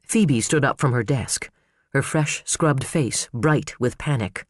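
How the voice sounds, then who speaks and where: A man narrating a suspense novel in a measured, expressive read. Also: mid-range voice, dry recording, studio quality. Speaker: audiobook narrator. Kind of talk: scripted narration.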